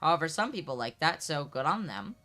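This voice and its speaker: A woman's voice: low voice, sing-song, a little fast, bright, forceful tone, slight background noise. A woman hosting a live stream, chatting casually with friends in a blunt, joking way. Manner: blunt, joking, swears freely. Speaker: streamer host.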